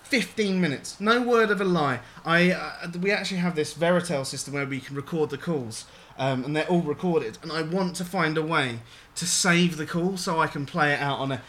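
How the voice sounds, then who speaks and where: A man's voice: on the high side, normal speed, few pauses, fairly bright tone. A man hosting a radio show, chatting in a rambling way with restarts and the odd swear word. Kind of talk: casual radio chat.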